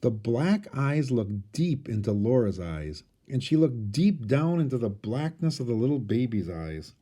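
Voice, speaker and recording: A man, a teacher, reading a storybook aloud with expressive storytelling. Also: medium pitch, unhurried.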